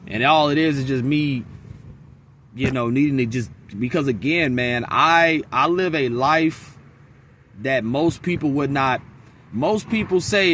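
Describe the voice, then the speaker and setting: A man's voice: on the high side, normal speed, sharp tone, slight background noise. A man venting bluntly and with profanity in a casual vlog monologue, telling stories from his work day. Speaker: vlogger. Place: outdoors in a wooded area near a freeway.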